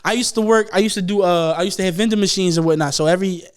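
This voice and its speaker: A man's voice: high voice, very fast, smooth. A young man telling a long, profane, laughing story on a casual podcast. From Philadelphia. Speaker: podcast host.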